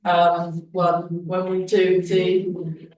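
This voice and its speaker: A woman instructor guides a beginners' class through gentle breathing cues, dropping chatty asides between the movements. She speaks slowly, and her voice rings around a very echoey hall, picked up from some distance by a camera mic. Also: on the low side, monotone. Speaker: tai chi instructor. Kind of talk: leading a beginners' qigong class.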